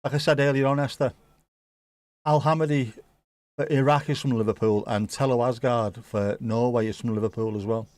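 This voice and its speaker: A man's voice: medium pitch, normal speed, no room sound. Joking British man commentating live. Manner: joking, bursts into excitement at goals. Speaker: watchalong host. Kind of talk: casual live match commentary.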